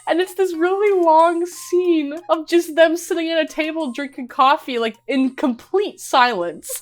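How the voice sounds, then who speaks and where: A young woman giving a comedic movie recap, animated and laughing often, swearing as she acts out the characters. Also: very high-pitched, a little slow. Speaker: commentary host.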